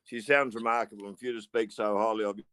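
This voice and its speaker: Co-host, lower-voiced man, measured and wordy, dry close sound. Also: fairly even intonation, a bit bright, clear, resonant tone, no room sound. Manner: wordy, measured, chuckles often. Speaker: podcast co-host. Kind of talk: casual podcast chat.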